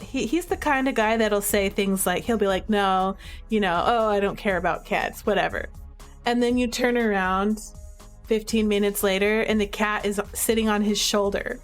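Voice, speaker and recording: A woman talks through her game picks in a loose, chatty way, full of fillers and little laughs. Her voice sits at an ordinary middle pitch. Soft music plays quietly underneath. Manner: gushing, giggly, chatty with many fillers. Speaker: video creator reviewing games. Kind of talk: enthusiastic casual commentary.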